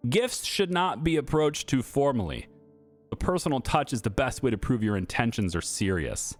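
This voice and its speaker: A man voicing a cold, menacing German official with a put-on German accent, speaking slowly and smugly. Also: mid-range voice, animated, soft background music, close to an everyday voice. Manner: slow, drawn-out, smugly threatening.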